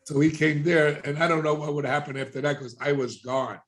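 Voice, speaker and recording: A man's voice: on the high side, fairly even intonation, a little fast. A middle-aged man telling his life story as a podcast guest, casually and animatedly, acting out the voices of people he quotes.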